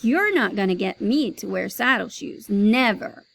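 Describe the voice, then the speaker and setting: A woman's voice: medium pitch, expressive, a little slow, gravelly, fairly bright tone, full character voice, rough recording. A woman voicing an exasperated nine-year-old boy in a storybook read-aloud, matter-of-fact and put-upon.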